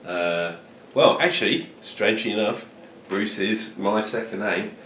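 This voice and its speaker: Chatty vlogger, male, hamming up a put-on Australian accent, low-pitched, recorded from a distance in a roomy space. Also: unhurried, a bit bright, slight background noise. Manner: chatty, jokey, rambling with fillers. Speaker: vlogger reviewing beer. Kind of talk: casual beer review vlog. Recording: roomy, distant home-video sound.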